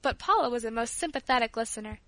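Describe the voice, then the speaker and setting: A woman reading a storybook aloud in a clear, even storytelling manner. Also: on the high side, quick pace, no echo. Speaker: audiobook reader. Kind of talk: scripted narration.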